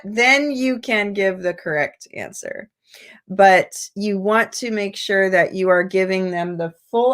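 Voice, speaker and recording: An American woman teacher trainer giving an online lecture, patient and explanatory, her pitch jumping up when she acts out prompts. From United States.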